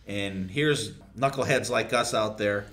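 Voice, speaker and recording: A man's voice: lowish voice, measured pace, fairly bright tone. A man co-hosting a podcast, chatting with a guest in an enthusiastic, chummy way with casual swearing. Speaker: podcast co-host. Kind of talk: casual interview chat. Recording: roomy echo.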